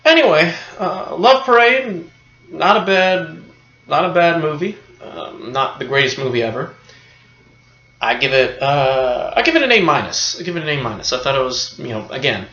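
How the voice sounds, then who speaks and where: A man's voice: a little high, expressive, normal speed, bright, forceful tone. A man giving an unscripted film review, rambling, with many fillers and restarts. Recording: echoey room, dull lo-fi sound.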